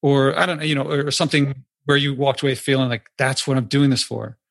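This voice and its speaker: A man hosting an interview, asking questions in a halting way as he searches for words. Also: medium pitch, fairly even intonation, creaky, no echo, studio quality. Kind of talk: conversational interview.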